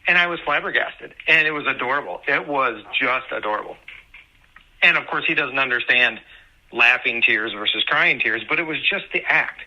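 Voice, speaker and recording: A young man talking casually about being a parent. He is sarcastic at first, then earnest, and tells lively anecdotes. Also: medium pitch, moderate pace. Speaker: parent sharing on a podcast. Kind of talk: casual personal storytelling. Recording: muffled lo-fi audio.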